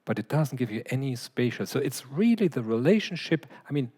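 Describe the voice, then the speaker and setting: A man's voice: medium pitch, sing-song, a little fast, darkish tone, husky. A man lecturing in a large hall, explaining points to an audience. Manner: explanatory, demonstrating with his voice. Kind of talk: lecture Q&A answer. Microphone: handheld or clip mic, briefly removed.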